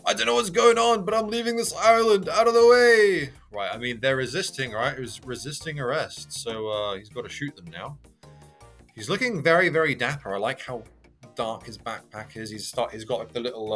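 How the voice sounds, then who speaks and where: A man's voice: mid-range voice, sharp tone. A man hosting a reaction channel, reading a manga aloud and commenting in a chatty, hesitant way. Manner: chatty, hesitant with many fillers.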